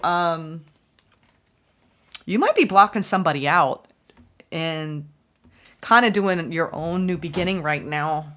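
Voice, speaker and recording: A woman's voice: low voice, lively intonation, slow, pauses often, a bit bright, a little hiss or hum. A woman giving a casual, chatty tarot reading, musing aloud and voicing the viewer's thoughts. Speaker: tarot reader.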